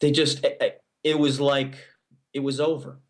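A man's voice: medium pitch, little pitch movement, unhurried. A male pastor giving a sermon in a conversational style, with many restarts and frequent "okay?" check-ins to the congregation.

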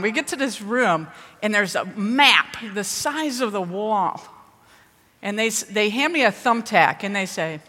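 A woman from the Midwest giving a lively storytelling talk to an audience. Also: medium pitch, a little slow. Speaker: speaker at a ministry event. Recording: reverberant hall.

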